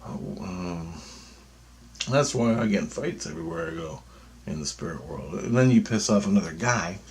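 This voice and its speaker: Blunt, foul-mouthed man in his fifties, lowish voice. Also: expressive, moderate pace, darkish tone, slight background noise. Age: 50s. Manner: profane, blunt and rambling. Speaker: vlogger. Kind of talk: rambling spoken monologue.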